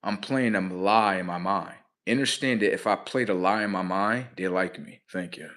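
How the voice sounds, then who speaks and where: A man hosting a livestream, swearing heavily in a mocking rant that swings between loud high outbursts and low muttering. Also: normal speed. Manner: heavy swearing, mocking, talks at the audience. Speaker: livestream host.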